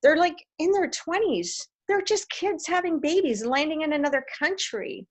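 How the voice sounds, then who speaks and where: A woman's voice: high voice, normal speed. A woman from Canada in a casual group video call, telling stories animatedly and acting out quoted voices. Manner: animated storyteller, acts out quotes. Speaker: discussion participant.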